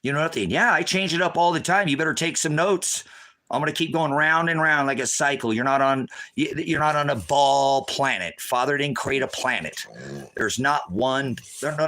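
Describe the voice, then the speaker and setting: A man's voice: medium pitch, sharp tone, poor audio. A middle-aged American man preaching off the cuff, combative and rambling, scolding his listeners. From United States.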